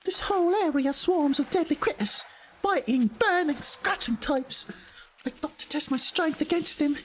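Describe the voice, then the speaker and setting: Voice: sits high, normal speed, a bit bright, slight background noise, voice pushed up. A streamer voicing a tired, brave female bug warrior from a game, in a shaky mock British accent. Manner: wobbly, self-conscious delivery. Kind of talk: game dialogue read aloud. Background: music.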